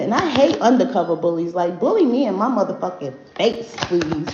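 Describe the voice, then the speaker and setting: On a dull, roomy livestream with faint noise, a spiritual reader talks straight to her chat, bluntly and with plenty of profanity. Her voice is fairly low and sing-song, and she speaks fairly quickly with few pauses.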